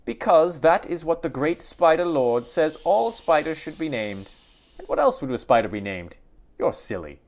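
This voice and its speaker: Brief: man puts on shrill old spider sage, raised pitch, solemn airs that keep slipping into babble. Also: very animated, normal speed. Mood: mock-solemn. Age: older. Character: shrill old female spider teacher, pious, rambling.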